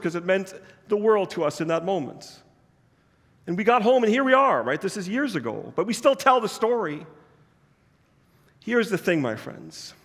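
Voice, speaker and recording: A man's voice: high-pitched, fairly bright tone, big-room sound. A man preaching a sermon as pastor, telling a personal story in a conversational, earnest way.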